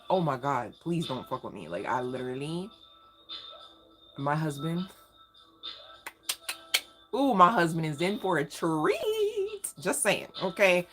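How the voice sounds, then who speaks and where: A woman's voice: low voice, a bit bright. A woman giving a casual live tarot reading, slangy and emphatic, talking straight to her viewers. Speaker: tarot reader. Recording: faint music in background.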